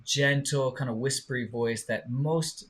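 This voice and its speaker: Man, singing teacher, online class, very slow pace, encouraging, sings demonstrations. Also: mid-range voice, fairly even intonation, fairly bright tone. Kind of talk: live online singing lesson.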